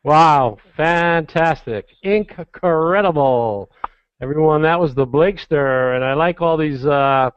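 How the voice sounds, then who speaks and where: A man's voice: fairly high pitch, takes it slowly, clean tone, dry recording. Man, webinar host and CEO, gushing and effusive, resonant, slightly muffled. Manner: effusive, gushing praise, run-on sentences. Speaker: company CEO hosting a webinar. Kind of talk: enthusiastic webinar hosting. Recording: somewhat dull, dry webinar audio.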